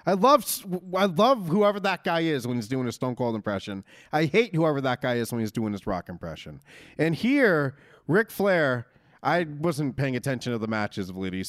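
A man's voice: on the high side, no echo, clean studio sound. A man in his thirties co-hosting a casual wrestling chat, rambling and jokey with mock-announcer asides. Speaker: podcast co-host.

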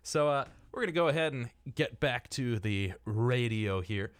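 A man's voice: medium pitch, lively intonation, moderate pace, clear, resonant tone, no echo. A young man co-hosting a casual college radio talk show, rambling with lots of fillers and laughing often.

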